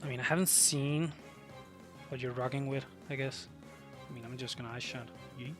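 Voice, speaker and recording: A man commentating his own game battle, excitable and breaking into shouts and disbelieving laughter. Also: mid-range voice, normal speed, over music. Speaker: gaming youtuber.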